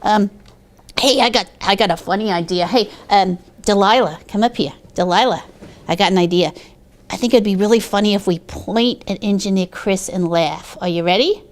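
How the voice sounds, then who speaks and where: A woman's voice: mid-range voice, normal speed, voice pushed down, natural voice. A woman voicing a rude young schoolboy who bullies others, talking in a pushy, mumbling way. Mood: scheming. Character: boastful rude young boy, a new bully.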